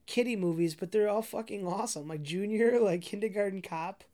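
A woman's voice: mid-range voice, a little fast, dark tone. A woman ranting casually about a movie, rambling with constant "like" fillers, profanity and frequent laughs.

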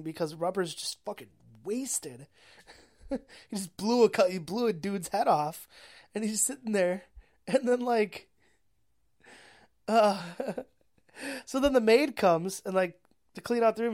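A young woman tells a film's story in a loose, rambling way, swearing freely and packing her talk with fillers. Her voice sits at an ordinary middle pitch. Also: a little mellow. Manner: rambling, profane, laughing often, many fillers. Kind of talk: casual movie recap.

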